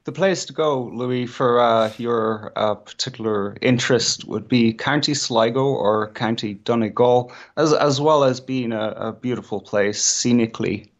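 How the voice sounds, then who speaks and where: An Irish man calling in as a guest, talking in a measured, polite way with small hesitations. His voice sits in a middle pitch. It comes through a dull, lo-fi remote line. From Ireland. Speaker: radio broadcaster, guest. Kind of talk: casual chat.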